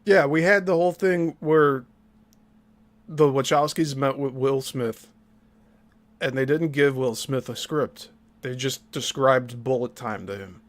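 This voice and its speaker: A man's voice: mid-range voice, steady tone, a little slow. Pointed critical male podcast host. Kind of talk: commentary podcast.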